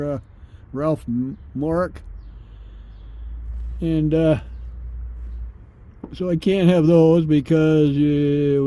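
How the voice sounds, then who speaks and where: A man's voice: a little high, warm tone, low-quality recording. An older man, chatting casually and rambling homespun-style as he vlogs outdoors. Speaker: vlogger. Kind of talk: casual vlog chat. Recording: faint background noise.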